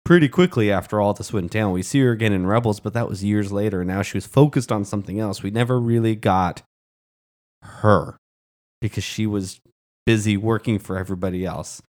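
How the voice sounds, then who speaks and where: Earnest man with a lowish voice. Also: brisk, a little mellow. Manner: earnest and impassioned. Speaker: podcast co-host. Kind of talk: casual podcast chat.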